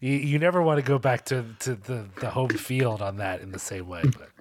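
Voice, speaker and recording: A man's voice: mid-range voice, fairly quick, heavy background noise. Laughing, cursing male podcast host. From Pennsylvania, US. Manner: animated, swearing, laughing storyteller. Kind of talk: casual film chat.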